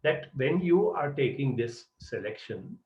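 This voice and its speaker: A man giving students advice, telling an animated story full of "uh" and "you know". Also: mid-range voice, unhurried. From India. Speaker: psychology mentor. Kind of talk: advisory talk with storytelling. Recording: roomy, distant, dull lo-fi sound.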